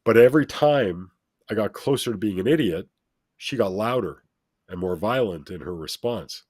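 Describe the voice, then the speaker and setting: A man with a fairly low voice, recorded dry and close with no room sound. He speaks as a guest in an earnest, motivational way. He leans on repetition to drive his points home. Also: lively intonation, moderate pace, darkish tone, dry recording. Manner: emphatic, repeats phrases for effect.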